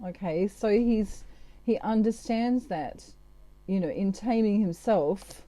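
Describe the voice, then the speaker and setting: A woman's voice: mid-range voice, slow, dark tone. A woman giving a casual, chatty tarot reading, full of fillers and asides. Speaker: tarot reader.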